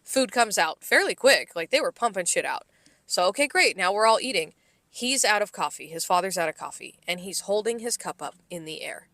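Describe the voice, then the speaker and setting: A woman's voice: mid-range voice, expressive, brisk, bright, forceful tone, dry recording. A woman co-hosting a podcast, telling a story in a casual, exasperated and profane way. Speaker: podcast co-host.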